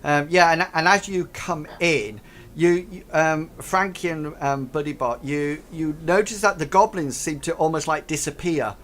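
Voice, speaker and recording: A man running a tabletop game as game master, talking haltingly with many ums and restarts. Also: fairly high pitch, fairly bright tone, slight background noise.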